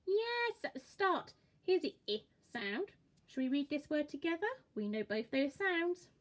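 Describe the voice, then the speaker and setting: Brief: woman, children's phonics teacher, slow deliberate delivery, bouncy melodic voice. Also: high voice, big pitch swings. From England. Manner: slow, encouraging, exaggerated sound-by-sound modelling.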